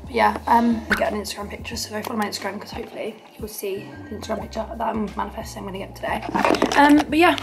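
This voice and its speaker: A woman's voice: mid-range voice, very fast, gravelly, over loud music. A young woman with an English accent, chatting in a bubbly, rambling way as she vlogs a holiday. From England. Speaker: vlogger. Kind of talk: casual vlog chat.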